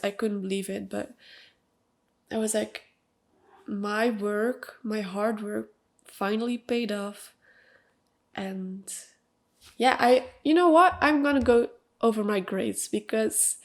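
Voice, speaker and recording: Her voice is a little high, creaky and darkish, nasal from allergies, with a Belgian accent. This young adult from Belgium talks casually but emphatically on her podcast, using plenty of fillers. She's recording a personal monologue at home with her cats.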